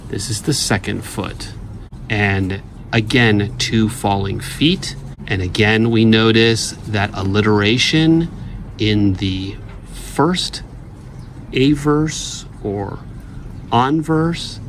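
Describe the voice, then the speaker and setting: A man's voice: lowish voice, a little hiss or hum. A man teaching literature in an explanatory lecture, reading verse lines aloud and checking in with his listeners.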